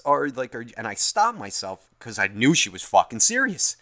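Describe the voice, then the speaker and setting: Exasperated male storyteller, profane and animated, bright edgy tone with wide pitch swings. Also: moderate pace, hardly any pauses. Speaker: podcast host telling a work story. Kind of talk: casual storytelling rant.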